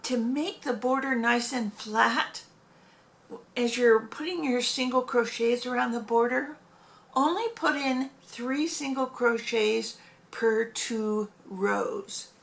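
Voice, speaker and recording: A woman's voice: a little high, slow, vocal fry. A woman casually chatting about her crochet projects in a rambling way, often correcting herself mid-sentence. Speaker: crochet hobby vlogger. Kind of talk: casual show-and-tell chat.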